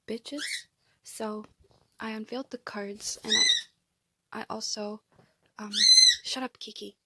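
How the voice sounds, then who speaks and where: A woman's voice: a little high, gravelly, a little hiss or hum. A woman doing a casual tarot reading at home, chatty and rambling, with frequent restarts and asides. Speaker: tarot reader and psychic channeler. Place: room at home.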